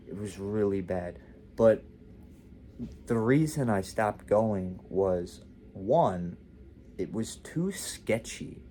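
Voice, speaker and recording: A man's voice: on the low side, dark tone, a little hiss or hum. A man telling a casual storytime to camera, rambling with frequent "like" and self-interruptions. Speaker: vlog host.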